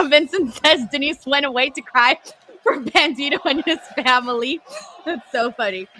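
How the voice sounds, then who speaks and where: A woman hosting a casual livestream watchalong, chatting excitedly with her viewers, laughing often and swearing casually. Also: high-pitched, moderate pace, slight background noise, rough recording. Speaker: host.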